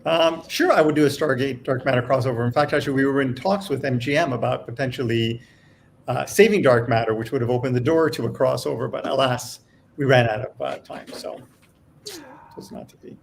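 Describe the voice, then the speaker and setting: A man with a gravelly voice pitched in the middle range chats casually on a panel as a series creator. He talks haltingly, stopping and restarting often. Faint noise sits under the recording. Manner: hesitant, many restarts and fillers. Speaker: TV series creator, podcast guest.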